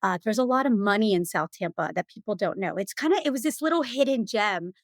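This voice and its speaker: A woman guest telling stories in a casual interview, chatty and animated, full of "you know" and "like.". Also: mid-range voice, fast, dry recording. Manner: animated, acts out other people's lines. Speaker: podcast guest.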